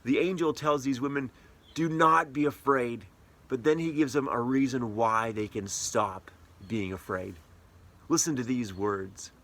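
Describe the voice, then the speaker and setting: A man's voice: mid-range voice, a little slow. Middle aged pastor guy preaching, chatty and playful, lots of questions to you. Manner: conversational, playful, asks the listener questions. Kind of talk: sermon.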